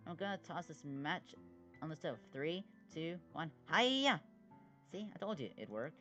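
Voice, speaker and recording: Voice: mid-range voice, animated, moderate pace, faint music behind, natural voice. A voice actor doing a plucky cartoon big sister. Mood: upbeat. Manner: bossy, encouraging, bold. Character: cheerful can-do big sister, a child. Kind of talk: animated web series voice acting.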